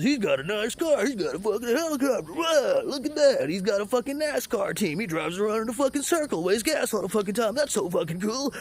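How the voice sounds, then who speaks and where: A man's voice: mid-range voice, a little hiss or hum. A man, hosting a talk show and delivering a heated, profane, mocking political rant. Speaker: podcast host.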